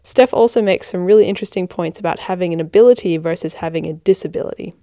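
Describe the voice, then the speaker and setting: A young woman with a hybrid American-Australian accent hosts her podcast from a blanket fort in her bedroom, tired but giggly and sassy. Her voice sits a little low and mellow. The sound is dry and close. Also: quick pace, no room sound. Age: 20s. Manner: giggly, self-deprecating, sassy. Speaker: podcast host. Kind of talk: casual podcast monologue.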